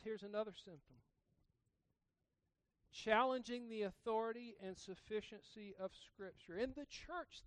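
A man preaching a sermon, asking the congregation questions and breaking into loud, emphatic bursts. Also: sits high, smooth, dry recording. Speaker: pastor.

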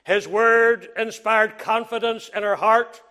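A man preaching a sermon in old-fashioned scriptural phrasing, who swings from loud, emphatic lines to hushed, near-whispered ones and repeats phrases for emphasis. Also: high voice, steady tone, slow pace.

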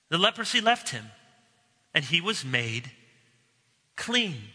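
A man preaching a sermon as a pastor, earnest and emphatic, with slow dramatic pauses. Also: fairly high pitch, big pitch swings, bright, forceful tone, breathy edge. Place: church sanctuary. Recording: long reverb of a large hall.

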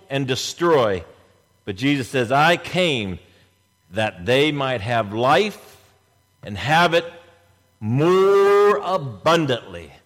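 A fairly high-voiced man preaching a sermon, his pitch swinging widely as he acts out scripture scenes with energy. He speaks as pastor to his church. The sound carries a long, echoey church reverb. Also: a bit bright.

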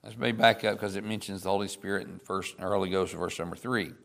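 A man teaching a Bible study lesson, reading verses slowly and deliberately, then explaining in a casual way with fillers. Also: low-pitched, steady tone, creaky, a bit bright.

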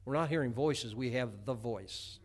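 A man's voice: mid-range voice, moderate pace. A middle-aged man preaching a homespun sermon, chatty, with many stammered restarts. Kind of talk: folksy sermon.

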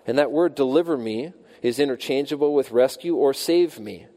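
A man preaching a sermon with a mellow, relaxed tone. His voice climbs and slows for emphasis when he voices the psalmist's pleas. A long reverb trails every phrase, as in a large hall. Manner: rises in pitch and volume when quoting the psalmist's cries, slows for emphasis. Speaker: pastor.

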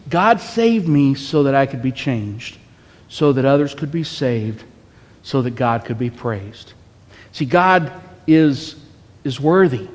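A pastor preaching a sermon in a church, his slightly raised voice carrying a long reverb through the hall. He tells his story conversationally, often pausing to ask the congregation "okay?". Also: a little high, a little mellow. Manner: storytelling with frequent "okay?" asides.

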